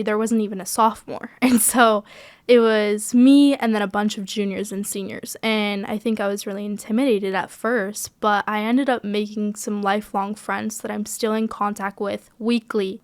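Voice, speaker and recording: A young woman, a graduating high school senior, telling stories in a bubbly way with laughter during a casual podcast interview. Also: clean tone, dry recording. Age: young adult.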